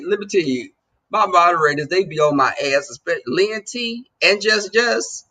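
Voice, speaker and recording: A man hosting a livestream and chatting casually with his viewers, loose and joking. His voice is slightly high, bright and husky, with a gravelly edge. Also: moderate pace. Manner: loose and joking, talks straight to the chat. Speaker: livestream host. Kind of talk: casual chat with live viewers.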